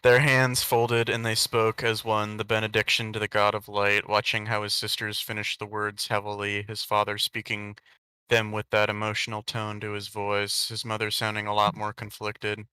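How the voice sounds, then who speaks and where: Man, podcast host, low flat voice, sardonic, swears, dry room. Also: normal speed, clean tone, no room sound. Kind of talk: casual reading with commentary.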